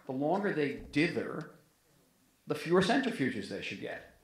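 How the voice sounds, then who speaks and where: A man's voice: on the high side, moderate pace, a little hiss or hum. Emphatic man in an echoey hall. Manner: animated, emphatic, frequent restarts. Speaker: former ambassador and author. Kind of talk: live onstage interview. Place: museum event hall. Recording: roomy event hall sound.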